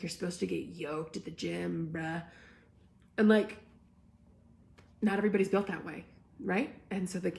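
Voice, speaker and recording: A woman's voice: on the low side, vocal fry, a little mellow. A young woman hosting a live talk, speaking with passion and emphasis and often asking "right?". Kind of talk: live-streamed casual talk, reading comments.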